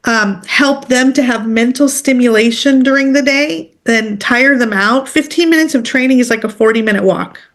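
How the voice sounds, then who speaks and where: A woman teaching a workshop in a relaxed, conversational way. Her voice sits a little high, and she is direct, pausing often to check that her listeners are following. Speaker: animal communicator leading a workshop.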